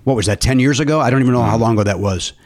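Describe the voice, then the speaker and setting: A man's voice: medium pitch, very fast. A middle-aged man hosting a comedy podcast, chatting casually and riffing on self-mocking running jokes. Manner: joking, self-mocking running bits, animated. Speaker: podcast host.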